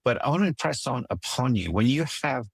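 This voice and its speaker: In an interview built around storytelling, a middle-aged man working as a relationship coach talks animatedly and a little fast. His medium-pitched voice has vocal fry and a breathy edge, the recording is dry, and he restarts often while speaking earnestly and emphatically.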